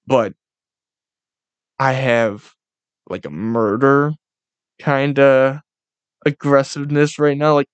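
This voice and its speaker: A young man hosting a casual solo podcast, ranting in a profane, excitable, rambling way. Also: mid-range voice, measured pace, long pauses, clean tone, no echo. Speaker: podcast host.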